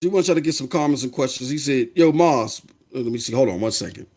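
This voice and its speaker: A man hosting a live-streamed podcast, talking straight to his viewers in an animated rant that often rises to yelling. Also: mid-range voice, fast talker. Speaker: podcast host.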